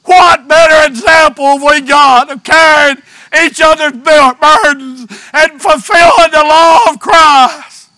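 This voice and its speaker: A middle-aged man, a pastor preaching a fervent sermon with drawn-out words. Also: extremely high pitch, steady tone, pushed and bright, dry recording. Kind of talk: shouted sermon.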